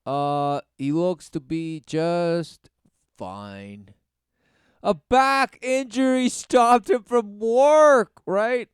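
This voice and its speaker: A man's voice: high voice, animated, drawn-out words, clear, resonant tone, dry recording, studio quality. A man giving sarcastic commentary over a news clip, mocking what he hears. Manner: mocking, sarcastic, swings between loud outbursts and mutters.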